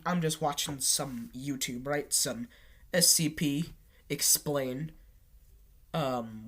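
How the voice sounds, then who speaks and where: This storytime host has a low, fairly bright voice that sounds sick as she shares a personal anecdote with her channel. Her casual telling wanders, full of restarts and self-corrections.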